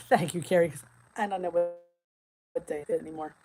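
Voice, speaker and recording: A middle-aged woman from New Jersey hosting a casual live-stream chat, chatty and quick to laugh as she answers viewer comments. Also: lowish voice, fairly even intonation, rough recording. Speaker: weight loss channel host.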